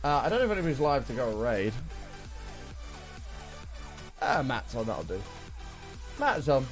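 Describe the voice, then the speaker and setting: A young man chatting with his stream audience in an excitable, casual way, his voice worn and strained. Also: mid-range voice, unhurried, faint music behind. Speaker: livestreamer.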